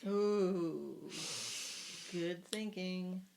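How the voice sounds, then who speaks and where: A woman's voice: lowish voice, very slow, vocal fry, mellow. A woman hosting a podcast, reacting to a guest's story with short, shocked remarks. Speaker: podcast host.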